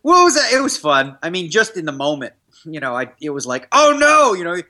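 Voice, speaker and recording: A man as a podcast guest in casual chat, playfully skeptical and telling stories in an animated way. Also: on the high side, a little fast.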